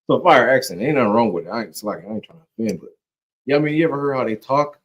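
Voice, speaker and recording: A man's voice: mid-range voice, lively intonation, very fast, slightly rough, lo-fi sound. A man teaching scripture in a loose, joking, conversational way, often checking in with "you know what I'm saying". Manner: slangy and joking. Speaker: Bible study teacher.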